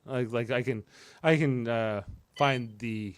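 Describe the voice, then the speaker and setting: A man hosting a podcast, casually recapping an episode and slipping into quick playful voices for the characters. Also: mid-range voice, fairly even intonation, clean tone, dry recording. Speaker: podcast host.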